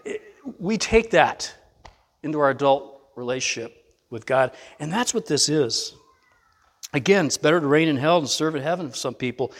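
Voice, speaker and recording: A man preaching a conversational sermon as pastor, building to emphatic bursts and dropping back to a calm explaining tone. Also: sits high. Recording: long reverb of a large hall.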